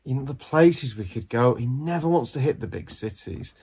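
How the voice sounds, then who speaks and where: A male podcast co-host in relaxed, joking conversation. He banters and acts out his friend's lines with playful voices. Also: medium pitch, moderate pace, creaky, husky. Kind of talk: casual chat.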